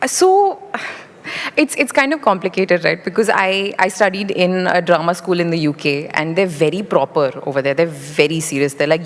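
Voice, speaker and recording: A woman's voice: on the low side, normal speed. A young woman, an actress, answering questions thoughtfully and articulately in an on-stage interview. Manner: articulate, thoughtful, lively with light laughs. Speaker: actress guest. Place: large indoor conference stage. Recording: reverberant event hall.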